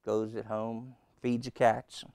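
A pastor preaching a sermon and telling a humorous story, with lots of rhetorical questions. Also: male voice, on the low side, level tone, slow pace, gravelly, darkish tone, clear, resonant tone, no room sound. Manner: humorous, repeats key lines.

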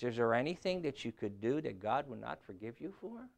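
A middle-aged man preaching a sermon, shifting from quiet talk to loud scripture reading. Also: medium pitch, big pitch swings, brisk, creaky, few pauses.

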